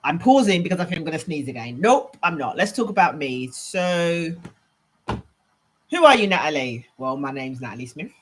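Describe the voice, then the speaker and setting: A woman's voice: sits low, lively intonation, a little fast, few pauses, husky. A woman with an English accent, chatting casually and rambling on a live stream while moving around her home. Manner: chatty and rambling, thinking aloud. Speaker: leadership trainer hosting a live Q&A.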